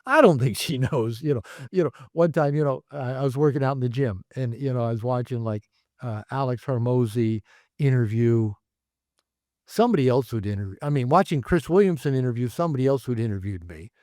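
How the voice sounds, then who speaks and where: A man, a therapist and author, telling stories in a casual interview, rambling and animated with many fillers. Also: mid-range voice, a little fast, dry recording, studio quality. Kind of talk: casual conversational storytelling. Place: his home.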